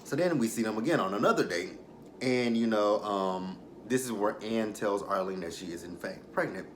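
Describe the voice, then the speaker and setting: A man's voice: lowish voice, expressive, moderate pace, a little hiss or hum. Slangy man recapping a TV episode. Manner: loose, profane, laughing, with slang and many fillers. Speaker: TV episode reviewer, channel host.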